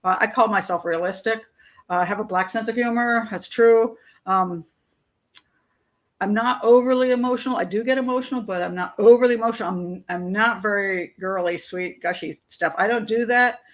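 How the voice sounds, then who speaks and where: A woman's voice: mid-range voice, moderate pace. Middle-aged woman host, blunt and chatty, plain mid-range voice, frequent chuckles. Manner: blunt, conversational, reads chat comments and laughs often. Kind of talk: live-stream commentary.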